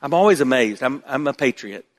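A man pastor preaching a sermon, swinging from loud emphatic bursts to hushed low asides. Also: lively intonation, fairly quick. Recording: long hall reverb.

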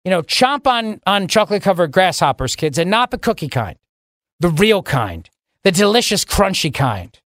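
A man's voice: sits high, very animated, moderate pace, a bit bright, no room sound, clean studio sound. A man hosting a talk radio show, delivering a sarcastic, opinionated monologue and acting out mock dialogues.

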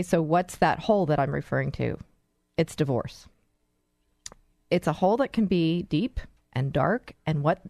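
Woman, talk show host, enthusiastic, storytelling, low-pitched, dry close sound. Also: a little mellow, no room sound. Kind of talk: radio talk show hosting.

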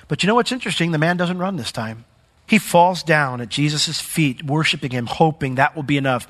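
A man preaching a sermon as pastor, telling a story with big swings between loud emphasis and quiet asides. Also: fairly high pitch, a little fast. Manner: animated storytelling with dramatic swings in volume.

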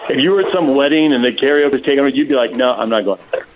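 A man calling in to a radio show, telling a story in an animated, laughing way. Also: medium pitch, racing. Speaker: radio show guest on phone. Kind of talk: casual storytelling. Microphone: phone. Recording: tinny phone line.

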